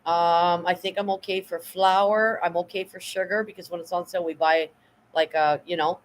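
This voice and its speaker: A woman's voice: on the low side, fairly even intonation, normal speed, slight background noise, poor audio. A middle-aged woman chatting casually on a live stream from her home, showing her pantry and thanking viewers, easily moved. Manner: chatty and emotional, thanking viewers, near tears. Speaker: livestreamer.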